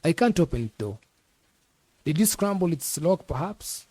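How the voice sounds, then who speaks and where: A man's voice: a little high, very animated, normal speed, mellow, no echo, pitched above the performer's own voice. Man reading a terse, wary professor. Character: cautious, guarded male professor.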